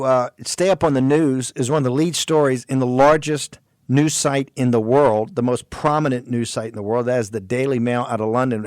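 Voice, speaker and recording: A man's voice: medium pitch, darkish tone, dry recording. Fiery ranting talk radio host, man. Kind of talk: political talk radio monologue.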